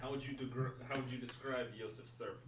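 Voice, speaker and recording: A man's voice: medium pitch, brisk, crowd noise. Joking game master man in an echoey room. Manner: laughs often, relaxed and joking. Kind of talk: casual tabletop game chat.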